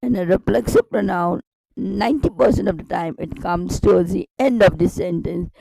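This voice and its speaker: A woman's voice: lowish voice, normal speed, creaky, warm tone, rough recording. A woman teaching a grammar lesson online, explaining step by step with repetition and rhetorical questions.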